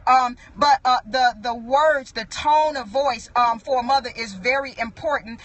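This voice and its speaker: A woman's voice: a little high, unhurried, no room sound. A middle-aged woman preaching a sermon in an earnest, conversational way, full of restarts and asides. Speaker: apostle preaching.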